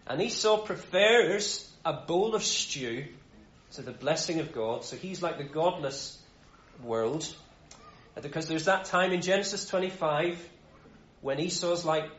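A man's voice: a little high, expressive, measured pace, fairly bright tone. A man giving an informal sermon as a Bible teacher, talking in a casual, conversational way with frequent restarts. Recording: roomy, dull sound.

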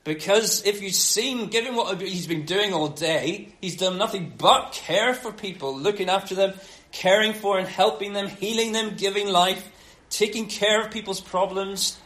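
A man preaching a sermon, telling the story with animated acted-out quotes. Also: high voice, moderate pace. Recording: roomy echo.

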